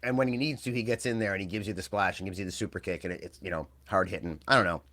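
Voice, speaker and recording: A man's voice: low-pitched, fairly even intonation, rapid-fire, bright, forceful tone, dry recording. Rambling man in casual wrestling chat. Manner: rambling, trails off and restarts. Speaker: wrestling podcast co-host.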